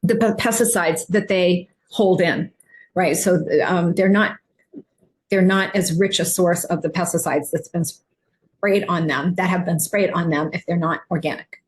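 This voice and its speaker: A woman's voice: on the low side, steady tone, measured pace. A woman nutrition coach, talking casually over slides, rambling with many fillers and restarts.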